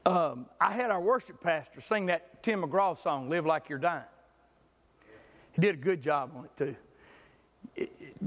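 High-voiced animated preacher. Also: male voice, normal speed, long reverb tail. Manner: animated storytelling, jokes with the congregation. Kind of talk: sermon.

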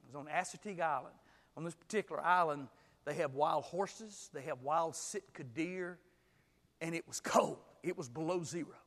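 A man preaching a sermon as pastor, swinging from hushed storytelling to shouted exclamations. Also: fairly high pitch, normal speed, big-room sound.

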